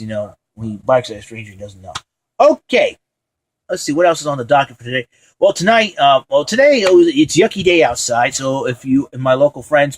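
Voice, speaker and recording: A man's voice: on the high side, a little hiss or hum, low-quality recording. A man hosting a casual holiday vlog from home, rambling and enthusiastic, full of fillers. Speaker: show host.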